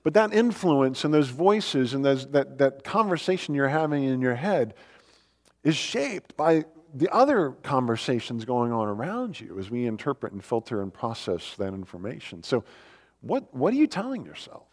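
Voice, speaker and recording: This sermon comes from a pastor whose medium-pitched voice is highly animated yet runs at a normal speed. The hall around him is reverberant, and he preaches with earnest emphasis, asking rhetorical questions.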